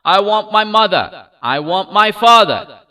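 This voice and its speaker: A small lost boy from a storybook sobs for his parents, as a male narrator puts him on. The voice is pitched high, shrill and tearful, bright in tone. It sounds a little distant from the mic. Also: lively intonation, unhurried, full character voice. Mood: wailing. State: crying.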